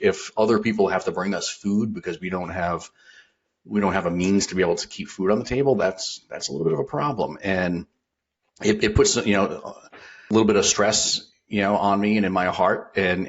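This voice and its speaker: A middle-aged man hosting an interview, speaking in a halting, reflective, soft-spoken way. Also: sits low, husky, muffled recording. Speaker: host. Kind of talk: casual interview talk.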